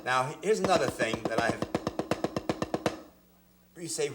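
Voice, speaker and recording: A man's voice: mid-range voice, expressive, unhurried, long pauses, roomy sound, loud music behind the voice. A man giving a hands-on drum lesson, explaining technique step by step and often repeating words as he demonstrates. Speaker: drum teacher. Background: drum hits between phrases.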